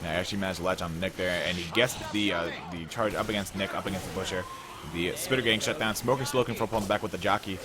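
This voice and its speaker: A young man giving rapid live play-by-play commentary on a video game match. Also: deep voice, a loud crowd. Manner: rapid play-by-play, laughs easily. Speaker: esports caster.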